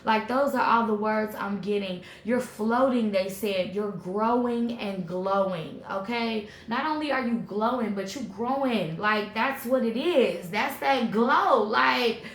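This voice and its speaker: A woman giving a tarot reading in an animated, emphatic, slangy way, checking in often with her viewers. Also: on the high side, unhurried, few pauses, echoey room. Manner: animated, emphatic, slangy and conversational with repeated "okay?". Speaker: tarot reader.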